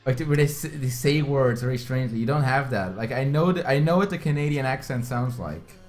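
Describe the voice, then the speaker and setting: A young man with an ordinary mid-range voice hosts a casual drawing livestream. He speaks easily and turns now and then to address viewers. Soft music plays faintly behind him. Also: medium pitch, a little fast. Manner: easygoing, talks to chat. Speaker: streaming artist host. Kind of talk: casual chat.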